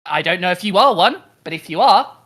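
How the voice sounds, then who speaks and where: A woman's voice: lowish voice, expressive, fairly quick, fairly bright tone. A woman voicing an earnest, diplomatic woman adventurer who reasons politely with a few hesitations.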